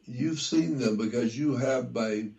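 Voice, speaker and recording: An older American man talking slowly in a casual conversation, repeating himself and spelling words out. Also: medium pitch, gravelly, warm tone, highs cut off. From United States. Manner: slow and repetitive, spells words out. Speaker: talk show guest. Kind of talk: casual radio-style conversation.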